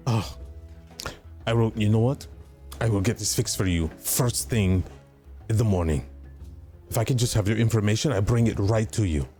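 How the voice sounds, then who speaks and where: A man's voice: on the low side, moderate pace, pauses often, dark tone, soft background music. A man playing a tabletop role-playing game, talking in stammering, flustered apologies, slipping in and out of character. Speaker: player.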